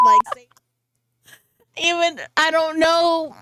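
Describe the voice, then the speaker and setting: A woman's voice: medium pitch, normal speed, heavy background noise. A woman vlogger chatting casually through a fragrance haul, giggly and chatty with goofy asides. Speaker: beauty vlogger.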